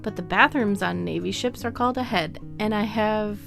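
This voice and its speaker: Creaky-voiced woman reading stories aloud. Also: medium pitch, moderate pace, fairly bright tone, soft background music. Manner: laughs often while reading aloud. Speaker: podcast co-host. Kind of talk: casual chat reading listener stories.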